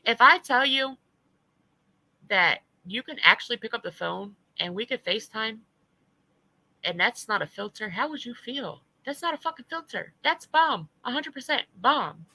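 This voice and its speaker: A woman's voice: fairly high pitch, expressive, moderate pace, bright, forceful tone, no room sound, poor audio. Blunt, foul-mouthed woman streamer. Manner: blunt, profane, laughing. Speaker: livestream host. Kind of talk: casual livestream chat.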